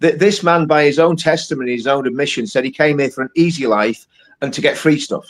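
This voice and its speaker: A man's voice: fairly high pitch, quick pace. A man on a live stream panel, talking heatedly, making accusations and repeating his points. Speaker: panel guest.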